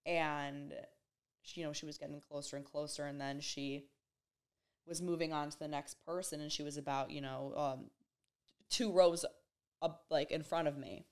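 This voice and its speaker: Young woman, lowish voice, rambling, emotional, casual storytelling. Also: steady tone, moderate pace. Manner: rambling and emotional, heavy use of "like". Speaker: vlogger.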